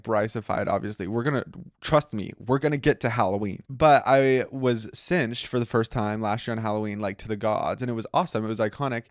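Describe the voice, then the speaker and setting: A young man with an American accent talks through his current obsessions in a loose, animated solo chat. His voice is smooth and clean at a middle pitch. The sound is dry and close, with no room around it. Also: no room sound. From United States. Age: young adult. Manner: chatty and animated, heavy use of "like". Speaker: podcast host.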